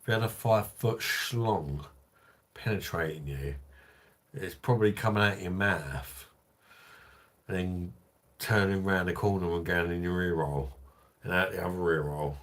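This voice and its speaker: A drunk man rambles through a crude livestream chat in a deep, low voice. He speaks slowly and reads out viewer comments between tangents. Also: a bit bright. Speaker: livestream host.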